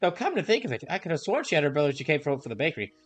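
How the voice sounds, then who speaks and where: A man reading game dialogue aloud, voicing a gentle, chatty older woman shopkeeper in a soft, higher put-on voice. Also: very animated, very fast, faint music behind. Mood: kindly. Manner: gentle and polite.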